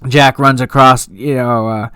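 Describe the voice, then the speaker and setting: A man's voice: mid-range voice, steady tone, a little slow, fairly bright tone, clean tone, no echo, clean studio sound. Chatty man recapping a TV episode. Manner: chatty, rambling, full of fillers. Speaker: TV episode reviewer. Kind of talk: casual recap and review.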